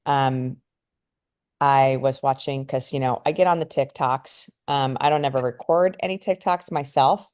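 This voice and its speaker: Low-voiced chatty woman co-host. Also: unhurried, darkish tone. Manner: chatty, goes on tangents; camera shy. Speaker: podcast co-host. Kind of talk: casual chat.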